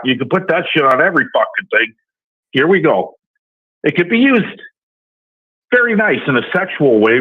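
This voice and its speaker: A man's voice: medium pitch, breathy edge. A male caller with a Southern US accent, ranting brashly and cursing constantly. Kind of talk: profane call-in rant. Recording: tinny phone line.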